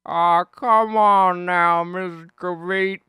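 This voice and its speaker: A strained young male mechanic, as a man impersonates him, calling out plaintively in a voice pushed far above his own. Every word is drawn out slow and pleading. The recording is dry and close, with no room sound. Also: sits high, fairly even intonation, pushed and bright, clear, resonant tone, dry recording, voice pushed up, heavily acted.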